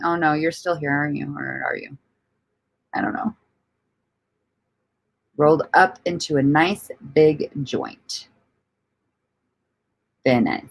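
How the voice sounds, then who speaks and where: Low-pitched woman, lively intonation, rambling livestream host, laughs and swears a lot. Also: slow pace, gravelly, long pauses. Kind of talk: casual livestream chat reading comments.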